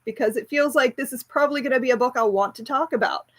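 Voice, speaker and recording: A woman's voice: high-pitched, fast talker, hardly any pauses. A woman hosting a casual book club chat, rambling and enthusiastic, laughing easily and restarting her sentences often. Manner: chatty and rambling, with many restarts and fillers. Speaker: homeschool book club host.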